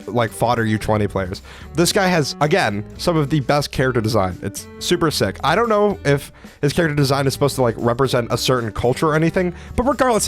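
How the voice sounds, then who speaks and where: A young man giving casual, excitable commentary as he ranks anime characters, with frequent swearing and filler words. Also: medium pitch. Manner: profane, excitable, lots of "like" fillers. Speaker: anime video creator.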